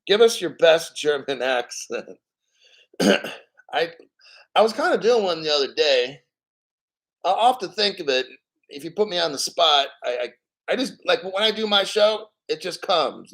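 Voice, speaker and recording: A man hosting a casual crypto livestream, reading chat aloud and rambling, swearing casually and often clearing his throat. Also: fairly high pitch, animated, normal speed, fairly bright tone.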